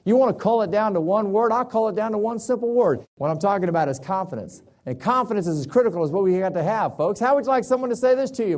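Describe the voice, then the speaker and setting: A man with a drawl delivers a motivational seminar. He talks in a folksy, storytelling way, his fairly high voice swinging up and down for emphasis. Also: big pitch swings, fairly quick, darkish tone. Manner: storytelling, folksy, varies pitch widely for emphasis. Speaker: motivational speaker.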